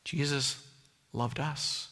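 Bright-voiced man preaching in a hall. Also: medium pitch, fairly even intonation, extremely slow, creaky. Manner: earnest preaching, rising emphasis with frequent restarts. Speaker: pastor. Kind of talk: sermon.

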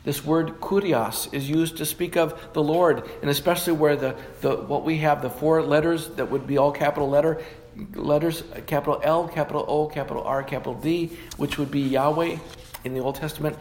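Guy giving a sermon, slightly high voice, pauses to fix his words, faint room hum. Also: fairly even intonation, a little mellow. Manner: teaching through scripture with frequent self-corrections. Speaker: pastor.

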